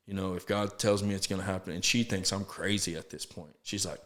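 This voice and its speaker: A man with a fairly low voice tells his story as a podcast guest. He speaks earnestly and haltingly, starts sentences over, and acts out what others said to him. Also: fairly even intonation, a bit bright. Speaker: podcast guest, sober living founder. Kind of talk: casual storytelling interview.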